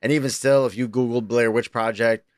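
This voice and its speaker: Animated profane man telling stories. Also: brisk, no echo, studio quality. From New York. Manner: animated, profane, jumps into high excited voices when quoting himself. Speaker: podcast co-host. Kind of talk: casual chat, storytelling.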